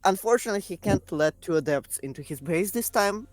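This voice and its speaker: A man speaking as a trades dry, teasing jokes as a guest caster. His pitch jumps around a lot, and the sound is close and dry with faint music behind. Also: lively intonation, fairly quick, dry recording. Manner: dry teasing humor, non-native phrasing. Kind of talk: casual esports banter.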